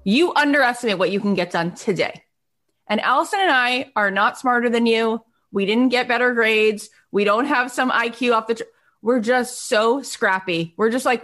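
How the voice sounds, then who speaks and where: A woman's voice: on the high side, normal speed, fairly bright tone. Emphatic woman podcast host. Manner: emphatic, coaching tone, rhetorical questions. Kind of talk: motivational interview chat.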